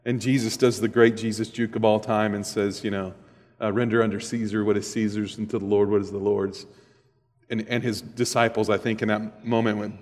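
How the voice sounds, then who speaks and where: Animated preacher in a reverberant hall. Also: male voice, mid-range voice, normal speed. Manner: animated storytelling, acts out voices. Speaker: pastor. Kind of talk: sermon.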